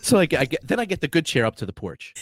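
A man's voice: a little high, racing, no room sound, studio quality. A man co-hosting a casual podcast chat, telling a story with a lot of swearing and breaking into laughter often. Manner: laughing, profane, lively storytelling. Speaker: podcast co-host.

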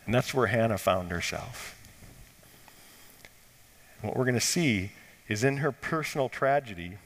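A pastor preaching a sermon, swinging from lifted, urgent lines down to quiet, low emphasis. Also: male voice. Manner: dynamic preaching, rising and dropping to quiet emphasis. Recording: long hall reverb.

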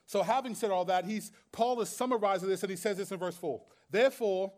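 A man's voice: high-pitched, fast talker, a little mellow. A man preaching a sermon as pastor, conversational and streetwise, with humor and rhetorical questions.

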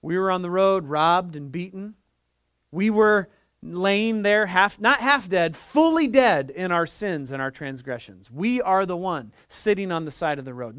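A man's voice: high-pitched, expressive, unhurried, fairly bright tone, smooth, no room sound, studio quality. A middle-aged man preaching a sermon as pastor, telling a story and building to fervent emphasis. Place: church.

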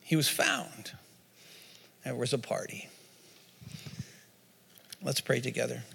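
A man's voice: mid-range voice, big pitch swings, takes it slowly, gravelly, pushed and bright, long reverb tail. A man preaching a sermon as pastor, telling a story with quoted voices and repeated words, then leading a prayer.

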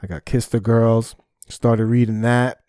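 A man's voice: mid-range voice, little pitch movement, unhurried, mellow, smooth, dry recording, clean studio sound. A man hosting a solo podcast, talking candidly and rambling, often swearing when frustrated. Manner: candid, self-reflective. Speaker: podcast host.

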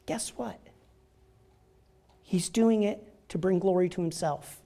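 A man's voice: high voice, a little slow, gravelly, long pauses, mellow. A man preaching a sermon in a church, chatty and joking, often asking the congregation "right?". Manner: joking, conversational, asks the crowd "right?". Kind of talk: casual sermon.

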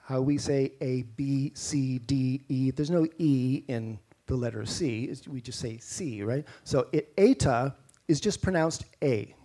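A man's voice: medium pitch, unhurried, mellow. A man with a Canadian accent preaching a sermon in a conversational way, with rhetorical questions and mock-incredulous asides.

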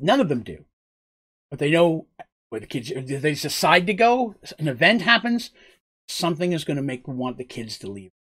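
A man's voice: fairly high pitch, a bit bright, husky. A man narrating a tabletop role-playing game as game master, in a loose, rambling way with frequent asides.

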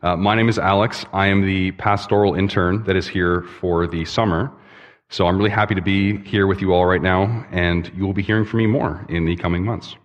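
A young man, a pastoral intern, giving a sermon in a church, relaxed and conversational in his storytelling. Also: deep voice, brisk, dull audio. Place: church sanctuary. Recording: long reverb in a church hall.

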